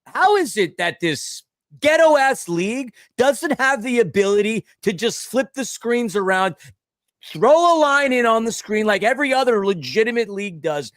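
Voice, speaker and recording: A man's voice: high-pitched, expressive, normal speed, no room sound, studio quality. A man co-hosting a casual sports podcast, rambling and ranting, often stumbling over his words. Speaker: podcast co-host.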